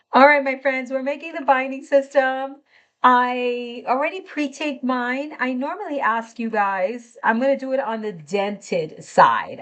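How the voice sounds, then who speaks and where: A middle-aged woman hosting a live craft tutorial, chatting enthusiastically and greeting viewers by name as she works. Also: on the high side.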